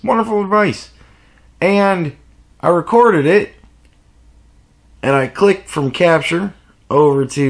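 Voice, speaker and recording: A man telling a rambling, profane story in a casual vlog rant. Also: a little high. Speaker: vlogger.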